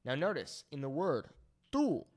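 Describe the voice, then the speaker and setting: A man teaches a language lesson in an animated, rising-and-falling voice. He explains patiently, trading English explanations with Spanish sample phrases. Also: a little high, measured pace.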